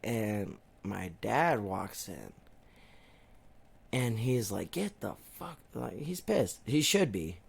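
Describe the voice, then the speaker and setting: A man's voice: on the low side, big pitch swings, slow, vocal fry, breathy edge. Swearing rambling young man telling stories. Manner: rambling storyteller, swears a lot, acts out quotes. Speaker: podcast co-host. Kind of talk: casual chat.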